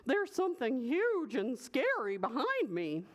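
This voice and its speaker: Woman reading as a skittish tiny caterpillar, high and worried, storybook read-aloud. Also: wildly swooping pitch, measured pace, full character voice. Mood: nervous. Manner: nervous, gulping storybook voice. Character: timid little caterpillar.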